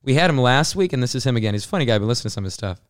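A man's voice: mid-range voice, lively intonation, very fast. A man co-hosting a podcast in casual chat, hesitant and easily amazed. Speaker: podcast co-host.

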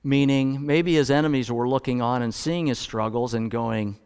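Conversational preacher in a reverberant hall. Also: male voice, medium pitch, normal speed, a little mellow, smooth. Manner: conversational, storytelling preacher with self-corrections. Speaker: pastor. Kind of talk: sermon.

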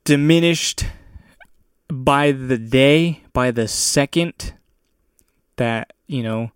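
A man's voice: medium pitch, very slow, smooth, no room sound, clean studio sound. A young man hosting a podcast, ranting alone in a crude, heavily profane and sardonic way. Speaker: podcast host. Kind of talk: profane solo rant.

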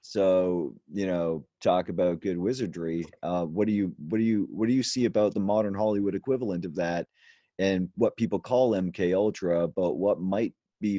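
A man's voice: low-pitched, warm tone, no room sound, highs cut off. A man hosting a podcast in casual conversation, rambling with frequent restarts and fillers. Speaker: podcast host.

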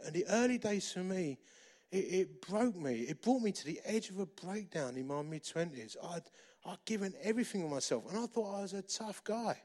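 A man preaches by telling his own story. He is animated and jokes at his own expense. His speaking voice sits somewhat high. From England. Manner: animated, self-deprecating humour. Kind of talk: storytelling sermon.

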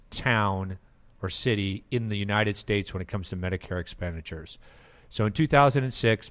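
A man hosting a podcast, chatting casually and laughing often as he talks. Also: fairly low pitch. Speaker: podcast host.

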